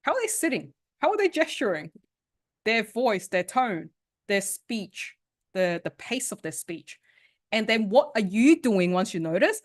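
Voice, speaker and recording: Woman workshop coach, very expressive pitch, chatty, keeps asking "right?", over a video call. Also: a little slow. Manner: animated, conversational, often asks "right?" and laughs. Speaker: sales and communication coach. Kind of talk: interactive online workshop teaching.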